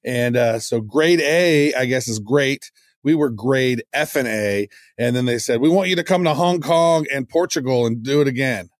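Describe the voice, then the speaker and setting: A man in a mid-pitched voice co-hosts a casual podcast at a normal speed, enthusiastic and prone to rambling and restarting his sentences. The audio is studio quality with no room sound.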